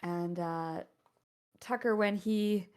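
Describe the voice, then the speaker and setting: A woman narrating as game master of a tabletop game, in a hesitant, casual way full of pauses and restarts. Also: mid-range voice, a little mellow.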